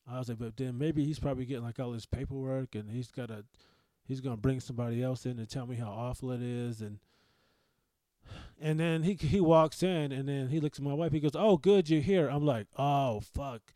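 A man's voice: medium pitch, steady tone, brisk, mellow, no room sound. A man hosting a podcast, telling a personal story in an anxious, self-deprecating, rambling way. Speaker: podcast host.

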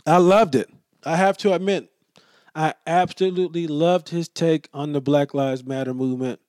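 Swearing freely and cracking jokes, a young man tells lively stories on his own podcast. He speaks at a normal pace in a fairly high voice, and the studio recording is clean with no echo.

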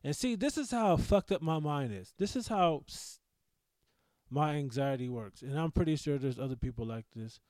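Mellow-voiced man rambling through a story. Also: a little high, animated, normal speed, no room sound. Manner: rambling, profane, full of restarts. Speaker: podcast host. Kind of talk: casual storytelling monologue.

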